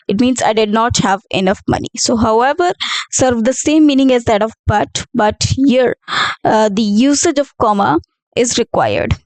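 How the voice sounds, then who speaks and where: A woman's voice: fairly high pitch, darkish tone, dry recording, poor audio. A woman teaching an English grammar lesson, reading out example sentences and explaining them with fillers and self-corrections.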